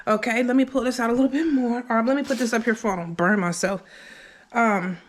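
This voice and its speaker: A woman's voice: fairly high pitch, fast talker. A woman vlogging in her home kitchen, filming on a handheld phone as she cooks and chats to viewers. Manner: chatty, animated, talks straight to viewers. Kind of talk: casual vlog storytelling while cooking. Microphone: handheld phone camera.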